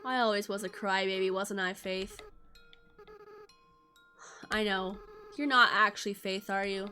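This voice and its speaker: A woman reading the lines of a young goat-monster boy in a game, soft and halting, remorseful and tender. She sounds close to her everyday voice. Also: mid-range voice, soft background music. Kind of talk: reading game dialogue aloud.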